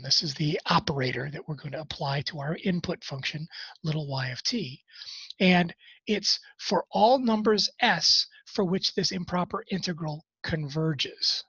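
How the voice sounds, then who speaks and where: A math instructor teaches a recorded college class, working through problems conversationally with wry, self-deprecating asides. His voice is a little high, a bit bright, and slightly rough at a measured pace, on a dry, dull-sounding recording.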